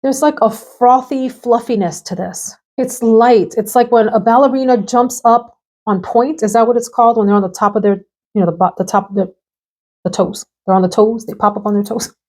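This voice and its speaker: Brief: woman perfume vlogger, bubbly, chatty, quick laughs, casual to-camera talk at home. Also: on the high side, fairly even intonation, darkish tone. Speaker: fragrance reviewer. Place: home room with perfume shelves behind.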